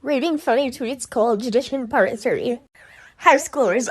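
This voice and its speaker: A woman reading funny tweets aloud to camera in a playful way, jumping up in pitch for punchlines. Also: moderate pace, breathy edge, dry recording. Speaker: tiktok creator reading tweets.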